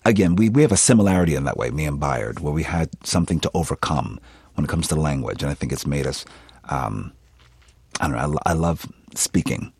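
Very deep-voiced, lively man in his fifties. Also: brisk, vocal fry, breathy edge, no room sound. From Philadelphia, USA. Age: 50s. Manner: animated, expressive storytelling with laughs. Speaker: actor, interview guest. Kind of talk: conversational interview.

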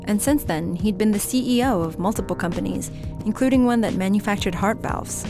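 A woman's voice: medium pitch, fairly quick, over music. Woman narrating a radio story.

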